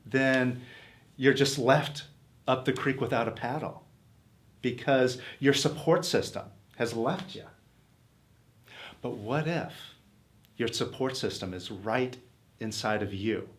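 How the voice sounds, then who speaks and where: A man's voice: medium pitch, slow, pauses often. A man teaching self-help in an earnest, coaxing motivational talk, posing questions to his listeners.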